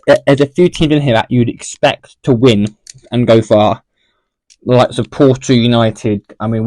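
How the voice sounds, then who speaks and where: A man's voice: mid-range voice, a little mellow. A man giving casual, unscripted football predictions, rambling, correcting himself and repeating phrases as he goes. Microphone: mic for home recording.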